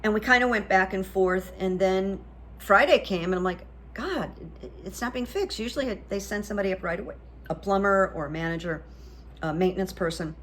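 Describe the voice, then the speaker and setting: A woman's voice: mid-range voice, steady tone, a little fast, a bit bright, a little hiss or hum. A woman hosting her own show, telling a casual story in a chatty, self-deprecating way with lots of fillers. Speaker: host.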